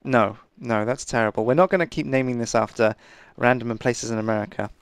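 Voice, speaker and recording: A man's voice: mid-range voice, fairly quick, clear, resonant tone, no room sound. A man co-hosting a casual gaming video, joking and bantering. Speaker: co-host Minecraft let's play. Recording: dry close mic with faint music.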